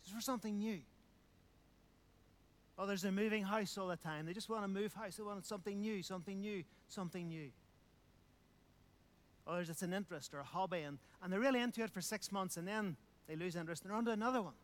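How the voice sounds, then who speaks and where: A man's voice: high-pitched, fast. A man preaching a sermon, emphatic, repeating phrases and asking rhetorical questions.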